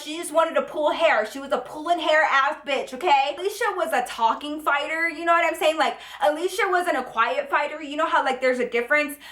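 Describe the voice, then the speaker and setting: A woman's voice: high-pitched, sharp tone. A young woman vlogger telling a dramatic story to her viewers in a casual, profane way. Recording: echoey room.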